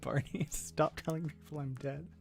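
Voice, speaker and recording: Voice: mid-range voice, fairly even intonation, moderate pace, vocal fry, darkish tone, soft background music. Giggly, rambling livestream host. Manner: laughs often, rambling with many restarts. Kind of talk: casual chat with viewers.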